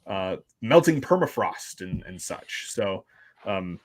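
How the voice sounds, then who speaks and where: A man's voice: low voice, sing-song, takes it slowly. A man, a paleontologist guest, explains science eagerly in a casual interview and laughs easily.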